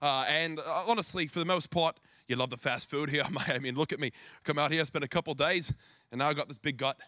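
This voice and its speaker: A young Australian man, a pro gamer interviewed on an event stage, answering with deadpan jokes. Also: a little high, fairly quick, no echo, studio quality. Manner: deadpan joker. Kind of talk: joking interview.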